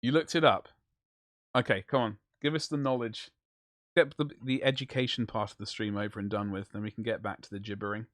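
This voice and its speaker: A man's voice: lowish voice, steady tone, fairly quick, a bit bright, no echo, clean studio sound. A man streaming live while he paints, rambling and joking in casual banter with his chat. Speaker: livestreamer.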